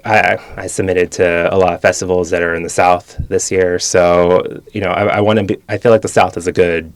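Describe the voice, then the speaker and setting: A young man, a stand-up comedian from California, talking as a guest in a casual interview, quick and animated with frequent restarts. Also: low voice, no room sound. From Bakersfield, California. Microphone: studio mic.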